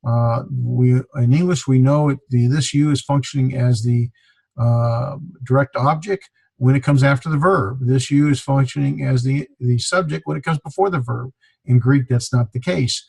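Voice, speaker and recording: A man lecturing to a class with a gravelly, slightly husky voice. He explains patiently and steadily, pausing often on hesitant fillers as he walks through each point. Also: mid-range voice, fairly even intonation, darkish tone, poor audio. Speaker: Greek teacher.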